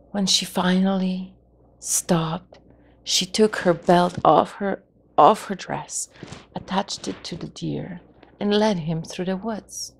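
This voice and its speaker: Slow, gravelly-voiced woman storyteller. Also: lowish voice. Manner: slow, gentle, expressive. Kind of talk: folk tale storytelling.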